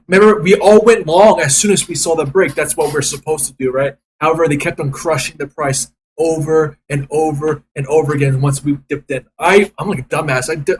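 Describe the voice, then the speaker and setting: A man's voice: fairly high pitch, a little hiss or hum. A young man giving live, profanity-laden commentary on his day trades, frustrated and ranting.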